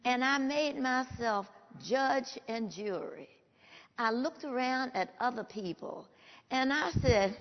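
An older woman with a gravelly voice, telling a personal story to an audience slowly and emphatically. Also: high voice. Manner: slow, emphatic, emotional storytelling. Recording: dull lo-fi sound with long hall reverb.

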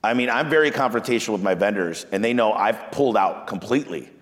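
Talking fast in a big, echoing room, a man who owns a business gets energetic about marketing and sales. He tells stories and acts out his customers, putting on a higher voice for their quoted lines, in animated business talk.

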